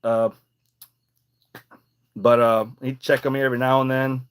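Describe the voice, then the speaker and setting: A man's voice: medium pitch, little pitch movement, a little slow, clean tone. A young adult man hosting a podcast, telling a personal story in a rambling, emphatic way with casual swearing. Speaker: podcast host.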